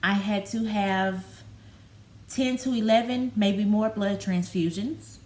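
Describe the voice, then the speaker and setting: A woman talking candidly in a personal vlog, halting and open, with many fillers. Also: mid-range voice, a little mellow. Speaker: vlogger. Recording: roomy with faint background noise.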